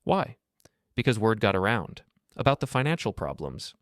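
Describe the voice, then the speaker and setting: A man's voice: on the low side, big pitch swings, moderate pace, a bit bright, no room sound, studio quality. A man voicing a loyal male friend in a story, blunt and matter-of-fact.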